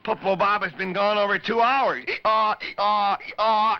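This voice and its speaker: A man's voice: high voice, steady tone, unhurried, over music. Howdy Doody, a man voicing a stammering puppet-boy donkey. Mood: forlorn. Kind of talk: 1950s live children's TV puppet show. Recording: dull old TV recording.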